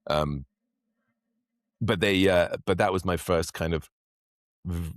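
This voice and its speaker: A man with an English accent, a podcast guest, chatting casually in a rambling, animated way. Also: low-pitched, slow, dry recording. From England. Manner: rambling, animated storyteller who acts out quotes. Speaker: podcast guest, actor and magician. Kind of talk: casual interview chat.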